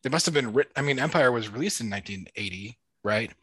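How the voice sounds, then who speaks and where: A man with a bright, forceful voice rambles through a casual chat, filling gaps with "like" and starting sentences over. The sound is dry and close. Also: mid-range voice, animated, fast talker, breathy edge, no echo. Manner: rambling, full of "like" and restarts. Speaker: podcast co-host.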